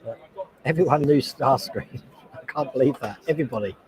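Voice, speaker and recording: A man, hosting a casual livestream from a loud convention hall on a noise-cancelling headset, chatting in a rambling way and reading comments aloud. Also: medium pitch, fairly quick. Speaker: host.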